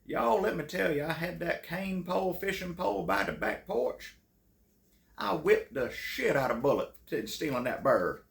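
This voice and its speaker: A gravelly-voiced man doing a blustery old Southern great-uncle, pitched way up and drawling, full of bluster. He blusters like a loud country gentleman recounting a hunt. The sound rings with a roomy echo. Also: expressive, normal speed, heavily acted. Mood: indignant. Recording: echoey room.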